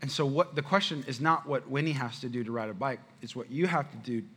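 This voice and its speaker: A man, a father of five, preaching a sermon with animated storytelling, talking straight to the congregation. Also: mid-range voice, fast talker, slightly rough. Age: adult father. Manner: animated storytelling, addresses the crowd. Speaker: pastor.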